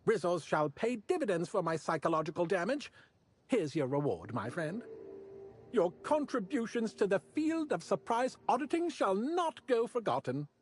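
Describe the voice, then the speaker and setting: An actor playing a fussy, pompous corporate auditor who hands out jobs in a video game, speaking in a formal, self-important way. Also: male voice, high-pitched, sing-song, moderate pace. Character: fussy male corporate auditor quest-giver.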